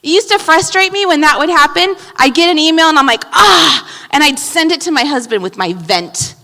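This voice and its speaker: A woman pastor preaching a sermon in an animated way, moving between loud emphasis and hushed asides. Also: sits high, a little fast, in a large hall. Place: church sanctuary.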